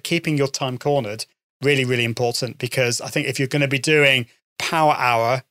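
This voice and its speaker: Podcast host guy, chatty and upbeat, kinda high voice, dry close mic. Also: fairly bright tone, no echo. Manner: chatty, enthusiastic, repeats words often. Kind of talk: solo podcast talk with sponsor read.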